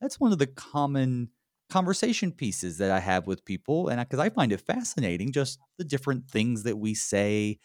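A man from North Carolina with a Southern US accent, hosting a conversational Bible study in a chatty, relaxed way. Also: medium pitch, moderate pace, no echo, studio quality.

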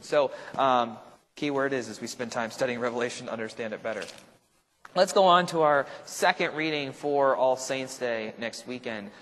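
A man's voice: mid-range voice, a bit bright, big-room sound. A male pastor leading a casual Bible study, talking conversationally and checking in with the group with frequent tag questions. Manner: thinks aloud with restarts and asides.

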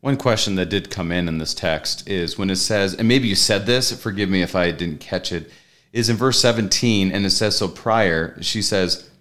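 Low-voiced man asking a polite question. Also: normal speed, fairly bright tone. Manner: polite, inquiring. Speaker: co-host relaying questions.

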